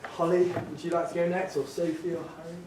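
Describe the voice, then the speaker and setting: A man's voice: on the high side, little pitch movement, quick pace. Upbeat male drama teacher in an echoey studio. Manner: upbeat, encouraging instructions. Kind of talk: leading a drama workshop. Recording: echoey room, distant mic, faint noise.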